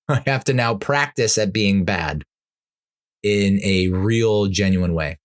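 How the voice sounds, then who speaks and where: Low-voiced man, rambling podcast host. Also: slow pace. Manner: rambling, laughs between sentences, exasperated asides. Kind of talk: casual solo podcast chat.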